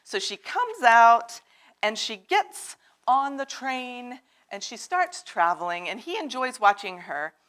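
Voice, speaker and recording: Animated woman reading a storybook aloud. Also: on the high side, slow pace. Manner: animated, asks the children to join in. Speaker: storyteller at a children's time in worship. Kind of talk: reading a picture book aloud to children. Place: church sanctuary.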